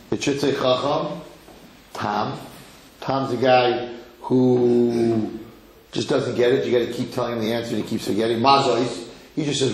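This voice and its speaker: Middle-aged man, rabbi lecturing an audience, animated and repetitive, medium pitch, strongly echoing hall. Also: slight background noise. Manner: animated, repeats phrases, asks the audience. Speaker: rabbi teaching a class. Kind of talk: Torah lecture to a live audience. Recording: echoey hall.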